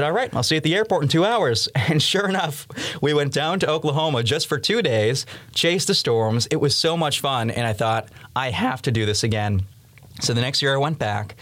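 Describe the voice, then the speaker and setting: A man in his twenties from Massachusetts, a student guest on a podcast, telling lively stories and laughing now and then. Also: mid-range voice. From Massachusetts, USA. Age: 20s. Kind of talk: storytelling in an interview.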